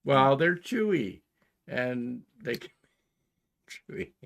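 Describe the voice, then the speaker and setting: Man from Canada, heavy vocal fry, gravelly, hesitant halting delivery, casual livestream chat. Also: mid-range voice, sing-song. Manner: hesitant, halting, many fillers and restarts. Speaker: co-host.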